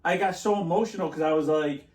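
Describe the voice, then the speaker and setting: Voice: medium pitch, recorded from a distance. A podcast co-host in their fifties, chiming in and rambling through their own stories in casual chat. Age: 50s. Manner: lively, rambling, quick to chime in. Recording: echoey room, off-mic.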